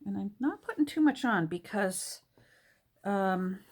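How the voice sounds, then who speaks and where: A woman talking casually through a crafting tutorial at her desk, soft-spoken and hesitant, with many fillers and restarts. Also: medium pitch, expressive, measured pace. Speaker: junk journal crafter. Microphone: camera on the desk.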